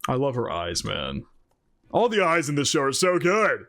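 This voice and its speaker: Excitable male reaction host, rambling casual commentary, frequent laughs, very animated pitch. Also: moderate pace.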